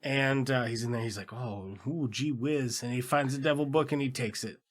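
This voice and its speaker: A man's voice: mid-range voice, fairly even intonation, quick pace. A man co-hosting a casual movie podcast, swearing freely, laughing often and acting out characters in silly voices. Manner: profane, laughing, acts out characters. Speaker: podcast co-host.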